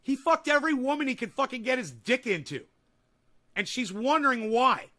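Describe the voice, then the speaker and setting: A man's voice: very high voice, lively intonation, normal speed, sharp tone. A young man hosting a livestream, reading and answering comments in a profane, combative, sarcastic rant. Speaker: livestream host. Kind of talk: ranting livestream chat.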